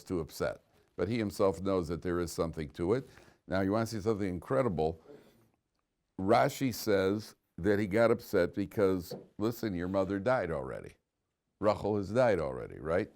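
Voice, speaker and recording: A man's voice: low voice, animated, brisk, a little mellow. A man giving an informal Torah class, a chatty storyteller who chuckles at his own punchlines. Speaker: rabbi teaching a Torah class. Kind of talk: informal Torah lecture with stories.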